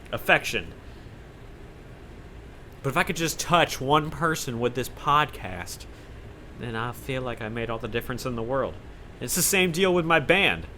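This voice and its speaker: Young guy ranting on his podcast, bright sharp voice, swears a lot, faint hiss behind. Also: mid-range voice. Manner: sarcastic, profane, self-mocking. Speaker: podcast host. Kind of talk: rambling solo podcast monologue.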